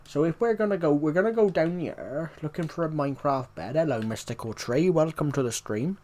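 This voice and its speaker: A man's voice: a little high, brisk, darkish tone, slight background noise. A man streaming a game live, talking to his chat in a rambling way and repeating himself as he answers viewers' questions. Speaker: livestreamer.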